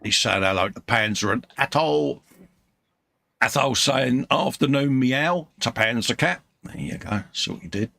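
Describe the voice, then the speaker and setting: A man's voice: medium pitch, expressive, a little slow, creaky, bright, forceful tone, no room sound. A man from the UK co-hosting a live stream, reading out chat messages in a chummy way and calling everyone mate. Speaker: co-host of a live model-building stream.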